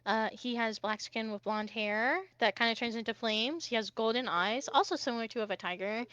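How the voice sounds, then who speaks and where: A woman's voice: on the high side, fairly quick, fairly bright tone, no room sound, lo-fi sound. A woman as game master, narrating a live-streamed tabletop game casually with many fillers. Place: home streaming setup.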